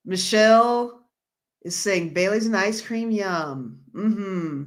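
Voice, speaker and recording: A woman's voice: mid-range voice, takes it slowly. A woman hosting a casual livestream, reading viewer comments aloud and laughing along in a chatty way. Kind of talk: casual live-stream chat.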